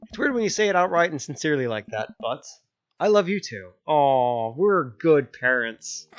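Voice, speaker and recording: A man's voice: fairly high pitch, animated, moderate pace, smooth. A young man streaming a dating game, joking and narrating as he plays. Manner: jokey, switches between narration and character voices. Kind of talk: voicing a dating game playthrough. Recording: slightly dull lo-fi sound with faint music.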